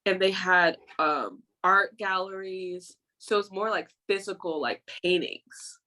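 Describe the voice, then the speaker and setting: A woman's voice: lowish voice, takes it slowly, sharp tone. A woman co-hosting a casual podcast chat, rambling and searching for words. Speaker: podcast co-host.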